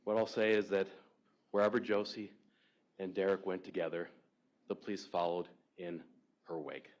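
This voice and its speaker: A man giving a courtroom opening statement to a jury in a measured, persuasive way. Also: low voice, little pitch movement, highs cut off. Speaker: defense attorney.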